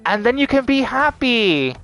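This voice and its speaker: A man's voice: extremely high pitch, very animated, a little slow, fairly bright tone, faint music behind. A man in a heated, profane, unscripted rant, swearing constantly and leaning on "like" as he talks. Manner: heated, swearing, heavy use of "like".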